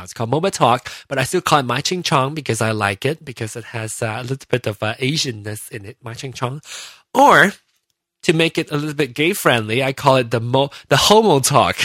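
A man's voice: medium pitch, lively intonation, brisk, a bit bright, no echo. A man hosting a solo podcast, rambling casually and mocking himself as he reads out listener comments. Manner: rambling and self-mocking, many fillers and restarts. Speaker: podcast host.

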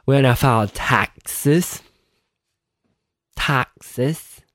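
A man's voice: medium pitch, drawn-out words, a bit bright, dry recording. A tired man hosting a casual solo podcast, rambling and chatty, poking fun at himself, close to his microphone. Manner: rambling, chatty, self-deprecating, swears offhandedly. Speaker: podcast host. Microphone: close desk microphone.

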